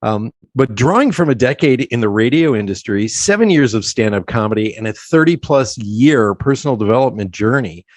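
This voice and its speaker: A man from South Central Pennsylvania hosting a casual podcast interview, chatty and quick to laugh. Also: mid-range voice, expressive, dry recording. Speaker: podcast host.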